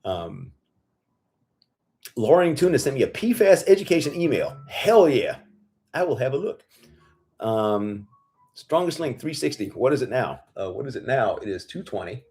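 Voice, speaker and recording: A hoarse male farmer hosting a casual livestream Q&A, blunt and profane, rambling with lots of fillers. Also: mid-range voice, big pitch swings, normal speed, pauses often, a little mellow. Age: adult with children. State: losing his voice, hoarse.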